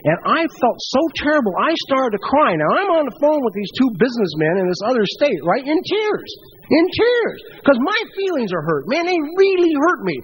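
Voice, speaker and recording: A middle-aged man giving a blunt, profane personal recovery talk, telling stories with wide swings in pitch. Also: sing-song, a little fast, few pauses, slight background noise, rough recording. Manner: pitch swings widely for emphasis. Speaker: recovery speaker.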